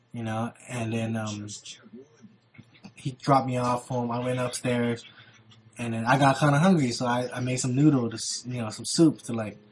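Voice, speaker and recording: A man's voice: mid-range voice, slight background noise. A young man vlogging, telling stories casually with heavy slang and swearing, acting out what people said. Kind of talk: casual storytelling.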